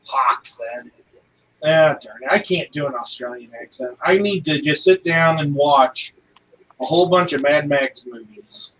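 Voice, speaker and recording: A man's voice: a little high, normal speed, a bit bright. A man chatting casually as a guest on a group stream, playful and joking, often poking fun at himself. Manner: playful, joking, self-deprecating. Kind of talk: casual chat. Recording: distant mic with faint background noise.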